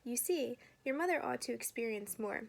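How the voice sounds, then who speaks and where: A cheerful, self-assured father from a children's storybook, read by a woman. He coaxes and jokes in a lifted, sunny tone that sits a little high. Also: lively intonation, moderate pace, vocal fry. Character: cheerful confident father cooking for his boys.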